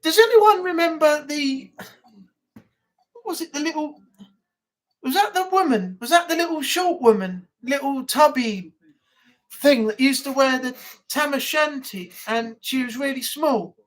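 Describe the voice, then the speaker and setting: A woman's voice: high voice, a little slow, pauses often, low-quality recording. Chatty woman hosting a live stream. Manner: rambling, lots of fillers and asides. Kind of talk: casual chat.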